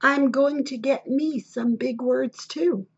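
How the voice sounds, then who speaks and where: A small, earnest young boy speaking in a soft little voice, as a woman reads him aloud. His lines sound high and slow. The recording is dull and lo-fi. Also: breathy edge, heavily acted.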